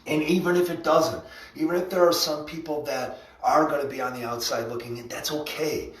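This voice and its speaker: This livestream host and rally organizer speaks fairly quickly in a higher, steady voice, rambling enthusiastically through a motivational pep talk about rallies and often laughing. The casual stream sounds distant from the mic, in an echoey room.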